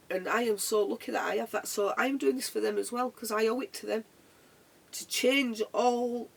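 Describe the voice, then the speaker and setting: Vlogger talking from the heart, raspy husky voice, repeats stuff, sounds a bit far off the mic. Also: mid-range voice. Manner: earnest, reflective, repeats phrases. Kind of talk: heartfelt motivational monologue.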